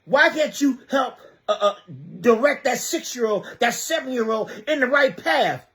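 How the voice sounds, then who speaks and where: A man's voice: very high voice, expressive, normal speed, fairly bright tone. A man giving an impassioned livestream monologue, firing rhetorical questions, repeating himself and stammering as he reads viewer comments. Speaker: livestreamer speaking on community youth programs.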